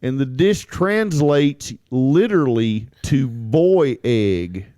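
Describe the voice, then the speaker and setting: A man co-hosts a podcast in a playful, teasing way. His pitch swings widely and sits a little high, and he talks slowly. The sound is close and dry. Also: animated, mellow, no room sound. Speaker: podcast co-host. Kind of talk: casual podcast chat.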